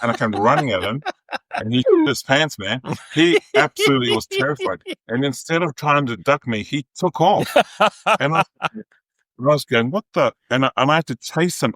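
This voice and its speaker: A New man, an opera singer, telling lively backstage anecdotes as a podcast guest and acting out the quotes. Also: fairly low pitch, dry recording. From New Zealand. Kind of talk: animated storytelling.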